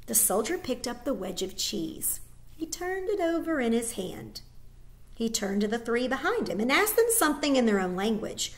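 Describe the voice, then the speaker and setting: Woman teacher, slightly higher voice, reading a class novel aloud with expression. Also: normal speed. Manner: expressive, with small slips.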